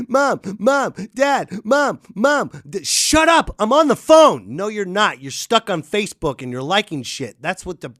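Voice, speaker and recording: A man's voice: fairly high pitch, fairly bright tone, dry recording, studio quality. A man ranting crudely and animatedly about parenting, now and then mocking others in put-on voices. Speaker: podcast host. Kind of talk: ranting monologue.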